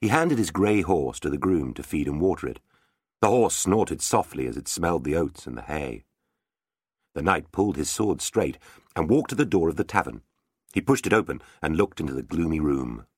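A man giving an expressive, playful reading of a children's storybook. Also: extremely low pitch, moderate pace, slightly rough, no echo, studio quality. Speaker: audiobook narrator. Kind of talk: scripted storybook narration.

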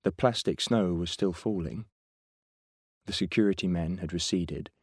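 Male audiobook narrator, very deep voice, steady measured read, dry booth sound. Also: slightly rough, dry recording.

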